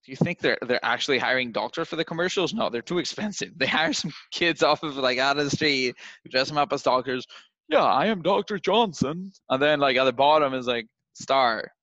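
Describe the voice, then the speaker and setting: Animated young male sales coach. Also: mid-range voice, a little fast, no room sound. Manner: animated, acts out phone calls in different voices. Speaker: sales trainer. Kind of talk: coaching session on cold calling. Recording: dull, slightly lo-fi dry sound.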